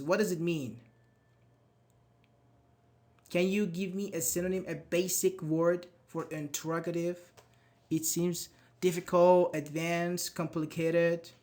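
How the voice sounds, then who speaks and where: A man teaching a live online English grammar class, patiently reading out students' chat answers and praising them. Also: high voice.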